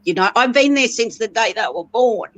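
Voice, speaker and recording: A middle-aged woman, a guest sharing family news, chats casually but grows tearful and emotional, laughing through her tears and breaking off mid-sentence. Her voice sits on the high side, and the recording is rough.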